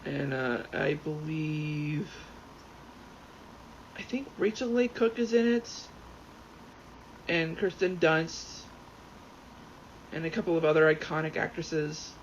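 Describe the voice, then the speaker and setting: A man rambling excitably as he plays a game, swearing freely and often going off on tangents. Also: on the high side, slow pace, long pauses. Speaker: gaming YouTuber. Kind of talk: casual commentary while playing. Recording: dull lo-fi sound with faint background noise.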